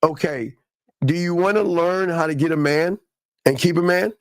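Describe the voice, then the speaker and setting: A man hosting a call-in podcast, loud and teasing, repeating names as he talks. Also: on the high side, normal speed, no room sound, clean studio sound. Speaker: show host taking calls. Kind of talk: casual podcast banter.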